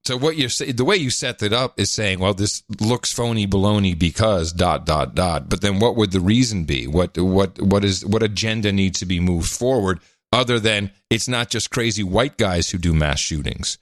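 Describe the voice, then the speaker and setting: A man's voice: on the low side, normal speed, few pauses, a bit bright, dry recording, studio quality. A man co-hosting a podcast, bantering in a jokey way and reading news stories aloud. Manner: jokey, reads news clips aloud, mock voices. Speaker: podcast co-host.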